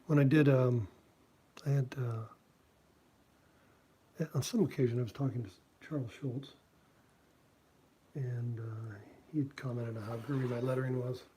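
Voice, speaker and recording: This man draws on stream and talks as he works, wandering through his thoughts with lots of fillers and asides. His mid-range, mellow voice keeps a fairly even intonation at a measured pace, often pausing, over slight background noise.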